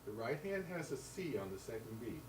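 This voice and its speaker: A man's voice: medium pitch, big pitch swings, brisk, noisy background. A man teaching a piano lesson, counting beats aloud and singing rhythms in syllables. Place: room with a piano. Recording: roomy sound, mic at a distance, loud piano. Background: piano playing.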